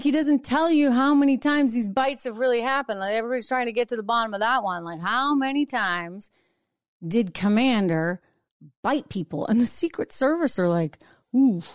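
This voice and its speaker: A woman's voice: fairly high pitch, dry recording, clean studio sound. A middle-aged woman hosting an opinion show, delivering a sarcastic, indignant monologue full of rhetorical questions. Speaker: show host.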